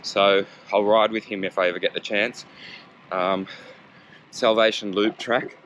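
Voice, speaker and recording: A man's voice: fairly low pitch, fairly even intonation, measured pace, fairly bright tone, rough recording. A man talking to a camera while cycling outdoors, chatty and rambling, with wind over the mic and music behind. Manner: chatty, rambling, self-deprecating. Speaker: cycling vlogger. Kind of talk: casual talk to camera while riding. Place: outdoors on a road bike in traffic. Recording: wind noise over a bike-mounted camera.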